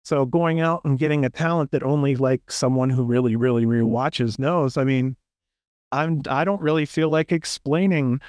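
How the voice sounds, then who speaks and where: A man's voice: mid-range voice, dry recording, clean studio sound. A man co-hosting a podcast, giving long opinionated rants in casual chat and acting out quotes in a raised voice. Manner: opinionated, rambling, acts out quotes. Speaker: podcast co-host.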